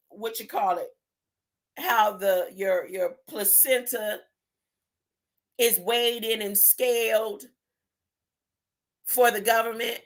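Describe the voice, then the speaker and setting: A woman preaches in an impassioned spiritual monologue, her voice pitched high and ringing bright. She takes her time, stretching out phrases and then bursting louder, and she keeps checking in with a rising "huh?". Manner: emphatic, tags points with a rising "huh?"; drawn-out, deliberate phrasing with sudden loud bursts.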